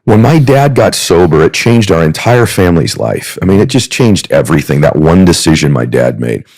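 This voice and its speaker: A man in his fifties speaks as a podcast guest with a gravelly, slightly husky voice. His pitch swings widely as he tells heartfelt stories in an earnest, sermon-like manner, and the sound is close and dry. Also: lively intonation, moderate pace, darkish tone, no room sound. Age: 50s. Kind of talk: heartfelt storytelling.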